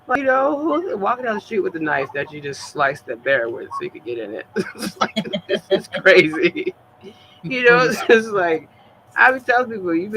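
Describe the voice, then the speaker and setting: A man's voice: high voice, sharp tone, slight background noise, rough recording. A man streaming, chatting in a loose, rambling way with many fillers and bursts of laughter. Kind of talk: casual rambling chat.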